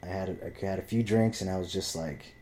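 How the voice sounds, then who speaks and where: A man's voice: low voice, fairly quick, dark tone, a little hiss or hum. A young man telling a story in a blunt, profane, heated rant; he grew up speaking Spanish. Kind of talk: casual ranting storytelling.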